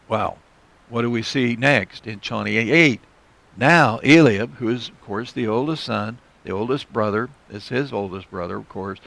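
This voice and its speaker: A man's voice: on the high side, vocal fry, fairly bright tone, no echo. Male Bible teacher explaining verses. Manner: explanatory, conversational, restates verses in plain words.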